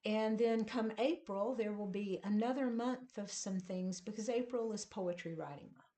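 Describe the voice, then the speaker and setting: A woman giving a casual online poetry lesson, speaking slowly and deliberately and stressing the rhythm of lines. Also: medium pitch, warm tone. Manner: slow, deliberate, emphasizing rhythm. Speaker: poetry teacher. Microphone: camera at desk, seen gesturing.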